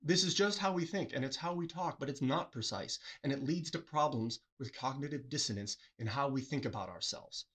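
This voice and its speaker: A man's voice: mid-range voice, brisk, few pauses, fairly bright tone, breathy edge. A man hosting a reflective solo talk, earnest and questioning, often acting out short quoted replies in a livelier voice. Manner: earnest, asks the listener many questions, acts out quoted replies. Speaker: host.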